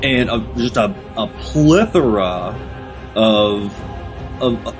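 A man's voice: lowish voice, animated, slow, music in the background. A man co-hosting a casual gaming podcast, rambling through a story with lots of restarts. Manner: rambling, full of fillers and restarts while telling a story. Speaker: podcast co-host.

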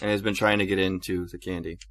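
A man hosting a casual gaming podcast, amused and unhurried, steering the talk. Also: low voice, level tone, fairly bright tone, no echo. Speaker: podcast host.

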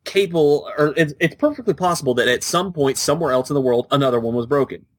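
A fairly high male voice, fast-paced and recorded dry, belongs to a podcast co-host in a casual video game chat. He argues his points emphatically and sounds sure of himself.

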